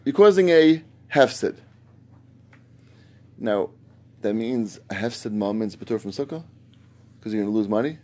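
A man's voice: fairly low pitch, animated, moderate pace, pauses often, a little mellow. A man teaching a Talmud class, reasoning aloud with emphatic, repeated phrases and fielding students' questions. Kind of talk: Talmud study lecture.

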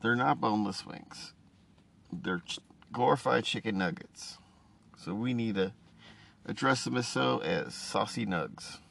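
A man in a casual, rambling vlog monologue, musing deadpan and sounding tired as he talks from a vehicle. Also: lowish voice, a little slow, vocal fry, long pauses. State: tired, yawning. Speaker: vlogger.

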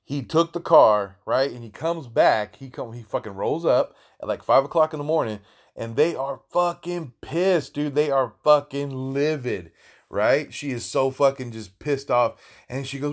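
A man's voice: mid-range voice, brisk. A man hosting his own podcast and telling stories in a casual, rambling way, full of swearing and slang. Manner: profane, rambling, slangy, with many restarts. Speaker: podcast host. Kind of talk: casual storytelling monologue.

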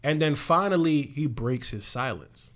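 A man's voice: a little high, expressive, measured pace, a bit bright. A young man co-hosting a podcast, talking in a laid-back, slangy way with lots of fillers. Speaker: podcast co-host. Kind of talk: casual chat.

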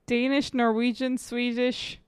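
A young woman chatting casually while playing an accent-guessing game, chatty and unsure of herself, quick to laugh. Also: a little high, flat delivery, clean tone, dry recording. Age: young adult. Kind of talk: casual chat.

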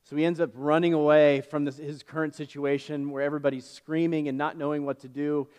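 A man's voice: on the high side, little pitch movement, a little fast, darkish tone, clear, resonant tone. A man preaching a sermon as pastor, retelling a story casually with fillers and self-corrections. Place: church.

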